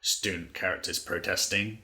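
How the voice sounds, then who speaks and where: A man's voice: deep voice, fairly even intonation, moderate pace, bright, forceful tone. A man co-hosting a podcast, recapping comics in rambling casual chat full of "like" fillers. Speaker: podcast co-host.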